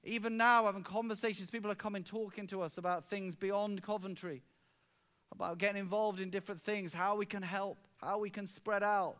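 A man preaching from the pulpit in a high, ringing voice. His delivery is fervent and storytelling. He drops to a hush and then rises to exclamations. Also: steady tone, fairly quick. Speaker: pastor. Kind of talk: sermon.

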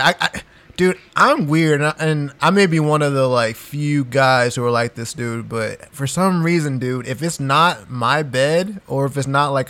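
A man's voice: a little high, a bit bright. A man in his thirties co-hosting a podcast, talking in a laid-back way and swearing casually. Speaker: podcast co-host. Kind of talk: casual chat.

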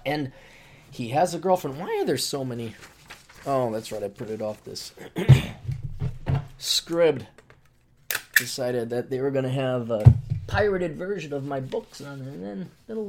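A man's voice: medium pitch, expressive, a little slow, pauses often, darkish tone, slight background noise. A man hosting a casual podcast monologue, talking in a sarcastic, ranting way. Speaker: podcast host.

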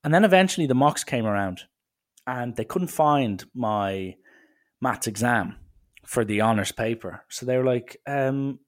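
A man's voice: medium pitch, lively intonation, a little slow. Brief: young Irish guy, casual rambling storyteller, self-deprecating.

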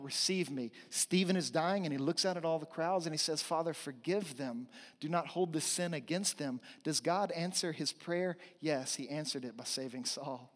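A man's voice: fairly high pitch, in a large hall. A man preaching a sermon as pastor, earnest and emphatic, building points through repetition.

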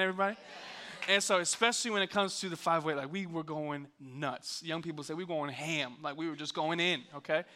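A young man, a youth pastor, telling a funny story in an energetic, joking sermon. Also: on the high side, slight background noise. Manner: hyped, joking, animated storyteller.

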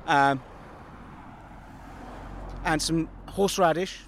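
A man's voice: fairly high pitch, slow pace, a bit bright, a little hiss or hum. A man with a London accent co-hosting a podcast, rambling playfully while out on a walk. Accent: London English. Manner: rambling, playful, silly wordplay. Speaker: podcast co-host. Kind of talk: casual banter on a walk. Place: outdoors on a common by roads.

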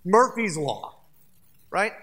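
A pastor preaching a sermon in an animated way, asking the congregation rhetorical questions. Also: medium pitch, slow, slight background noise.

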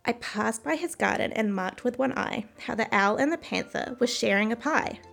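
A woman's voice: fairly high pitch, animated, moderate pace, gravelly, a bit bright, faint music behind, full character voice. Woman reading as the timid young girl Alice. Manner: timid, uncertain. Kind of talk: storybook reading.

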